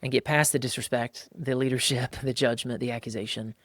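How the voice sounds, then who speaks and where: A man hosting a podcast, talking in a casual, emphatic way and jumping into higher, livelier voices when he acts out quotes. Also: steady tone, fairly quick, fairly bright tone, no room sound. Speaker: podcast host. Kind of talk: casual podcast talk on faith and marriage.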